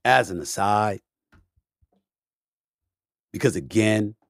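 A man's voice: takes it slowly, vocal fry, no echo. Emphatic man ranting in a dry recording. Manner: emphatic, swings between low mutters and loud rants; profane, repetitive, preacher-like cadence. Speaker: podcast host. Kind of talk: opinionated monologue.

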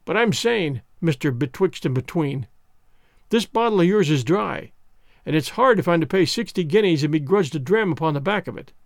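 A male narrator lends his voice to a swaggering Jacobite adventurer in a spoken storybook, blunt and teasing. The voice sits fairly high and moves with lively rises and falls. The sound is dry and close. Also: moderate pace, no echo. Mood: bantering. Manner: blunt and bantering. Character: bold swaggering Highland Jacobite adventurer, man.

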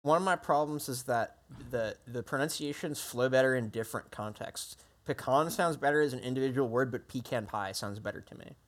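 A man in casual podcast chat, thinking aloud analytically and getting excited by ideas. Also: medium pitch, fairly quick, hardly any pauses.

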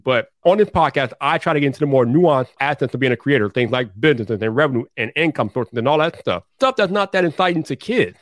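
A man in his forties hosts a podcast with an energetic, emphatic delivery and casual slang. He talks quickly, and the sound is close and dry. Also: medium pitch, no room sound. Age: 40s. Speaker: podcast host.

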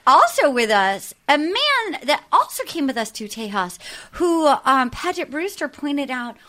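A woman hosts a podcast in loose, casual chat. Her voice sits high and bright. She rambles from one aside to the next and laughs easily. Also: sing-song. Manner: chatty, rambling, quick to laugh. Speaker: podcast host.

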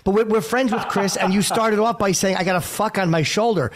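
A man's voice: sits high, brisk, slight background noise. A man co-hosting a casual podcast, bantering in a joking, defensive way. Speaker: co-host.

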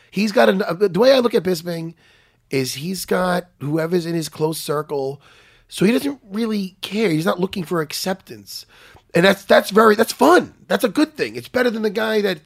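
A man's voice: high voice, normal speed, vocal fry, breathy edge. A man hosting a casual chat, rambling and swearing freely, often laughing mid-sentence. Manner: animated, swears a lot, breaks into laughter.

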